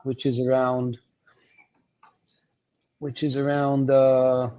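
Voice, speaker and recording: A man walking through market levels on a livestream, explaining with many pauses and fillers. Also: medium pitch, monotone, dark tone, muffled recording. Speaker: market analyst guest.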